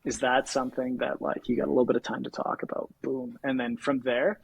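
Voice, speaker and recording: A Canadian man talking about sales on a podcast, energetic and laughing often, acting out cold calls. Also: medium pitch, fairly quick, vocal fry, a little hiss or hum, low-quality recording. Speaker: podcast guest, sales executive. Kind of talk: casual podcast conversation.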